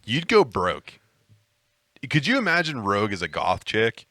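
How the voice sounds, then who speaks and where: Deep-voiced man joking on a podcast. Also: wildly swooping pitch, a little slow, sharp tone, no room sound, studio quality. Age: 30s. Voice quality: deep, rough voice he calls a hangover voice. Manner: joking, profane, teasing. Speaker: podcast co-host. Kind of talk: casual podcast banter.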